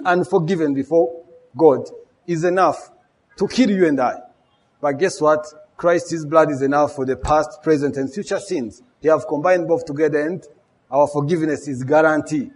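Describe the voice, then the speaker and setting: A man's voice: fairly high pitch, darkish tone, breathy edge. A man preaching a sermon, emphatic, with rhetorical questions and repeated key words.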